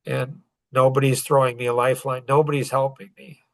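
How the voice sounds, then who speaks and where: A man's voice: medium pitch, level tone, a little fast, no room sound. A man in his forties, a self-improvement speaker, telling a personal story in an earnest, rambling way with many restarts.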